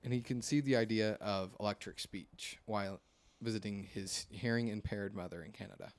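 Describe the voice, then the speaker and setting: Rambling young man, slightly low voice. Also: steady tone, moderate pace. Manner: rambling, hesitant, lots of fillers. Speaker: podcast host. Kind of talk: casual chat.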